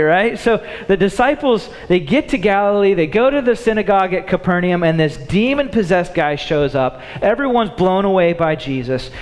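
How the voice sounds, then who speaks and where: A man preaching a sermon in an animated way, acting out the thoughts of the people in his story. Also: high voice. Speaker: pastor. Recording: long hall reverb.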